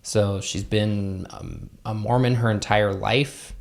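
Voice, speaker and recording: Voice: low voice, steady tone, slow pace, creaky. A podcast co-host in casual chat, agreeable and chatty with lots of fillers. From Utah, United States.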